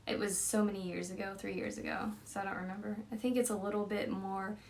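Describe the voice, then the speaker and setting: A woman's voice: mid-range voice, little pitch movement, fast talker, a little mellow. A woman hosting a casual chat, rambling and giggly, often trailing off mid-thought. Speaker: host.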